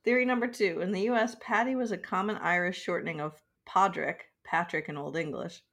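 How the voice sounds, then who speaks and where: A woman's voice: fairly low pitch, steady tone, brisk, fairly bright tone. A woman co-hosting a podcast in casual chat, dry and sarcastic in manner. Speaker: podcast co-host.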